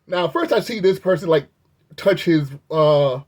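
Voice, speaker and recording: Vlogger recounting an incident to camera; husky, animated, incredulous storyteller. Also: a little slow. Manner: animated, incredulous, pitch jumps up when outraged. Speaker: video reviewer recounting an incident. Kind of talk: storytime commentary.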